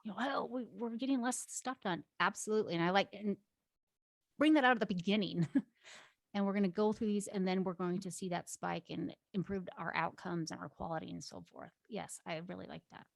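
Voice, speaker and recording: Lively agile coach woman, dry sound. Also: medium pitch, a little fast, vocal fry, no echo. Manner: lively, laughing, animated asides. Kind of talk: casual conversation.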